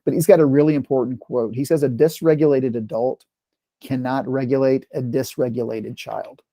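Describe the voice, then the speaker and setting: A middle-aged man speaks to parents in an easygoing, conversational manner, often tagging his points with a quick "right?". His voice is warm and mellow. It sounds close and dry, with no room echo. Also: medium pitch, steady tone. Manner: conversational, with frequent "right?" check-ins. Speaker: presenter of a parent workshop. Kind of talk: informal talk to parents.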